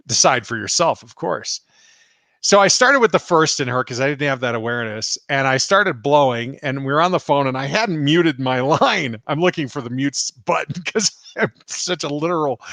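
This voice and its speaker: A man's voice: medium pitch, no room sound. A man, a spiritual teacher and healer from the United States, answering viewer questions on a live stream and telling stories with frequent laughter. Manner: laughs often, animated retelling.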